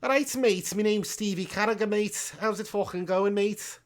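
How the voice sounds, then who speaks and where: A man's voice: sits high, normal speed, pitched above the performer's own voice, natural voice. A man voicing a brash, swearing male Liverpool football fan in a put-on Scouse accent, calling everyone mate. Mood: brash banter.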